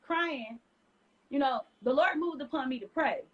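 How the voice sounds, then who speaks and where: A woman from the United States recounts her story as an interview guest, her voice pitched high. She talks in an animated way and slips into the voices of the people she quotes. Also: a little slow, dull audio, slight background noise. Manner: lively retelling with acted-out quotes.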